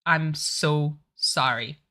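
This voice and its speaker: A woman's voice: low voice, extremely slow, bright, forceful tone. A woman streamer, chatting casually over a game, giggling and correcting herself often. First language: French. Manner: giggly, apologetic, self-correcting. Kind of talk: casual let's-play commentary.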